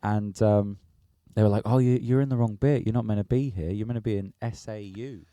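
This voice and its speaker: A man co-hosting a casual podcast, telling a long story with animated energy and plenty of swearing. His voice sits low and mellow. The sound is close and dry. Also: a little fast, no room sound. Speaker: podcast co-host.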